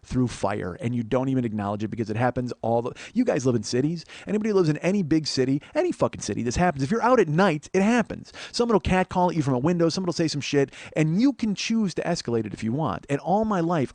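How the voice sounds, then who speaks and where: A man's voice: a little high, lively intonation, fast, hardly any pauses, darkish tone, no echo. A man in his forties telling a rambling, profane story as a podcast host. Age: 40s. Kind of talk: storytelling monologue.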